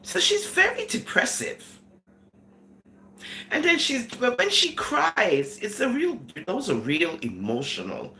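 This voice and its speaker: A woman's voice: low voice, bright, forceful tone, a little hiss or hum. A woman vlogger giving casual commentary, giggling between sentences and slipping into Caribbean-style phrasing. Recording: echoey room.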